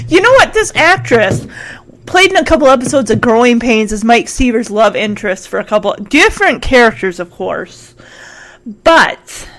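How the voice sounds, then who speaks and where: A woman casually recapping a TV episode, giggly and animated, acting out the lines. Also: fairly high pitch, poor audio. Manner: giggly, animated, acts out quotes. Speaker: recap host.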